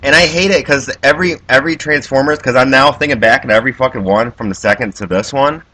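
A man's voice: medium pitch, fast, sharp tone. A man in casual movie review chat, making short, dry remarks.

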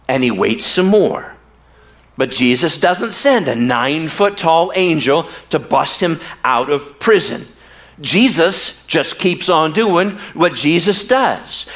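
A man preaching a sermon in a storytelling way, drawing out words for emphasis and slipping into casual slang with the congregation. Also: high-pitched. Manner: animated storytelling with slow, drawn-out pauses for emphasis. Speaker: pastor.

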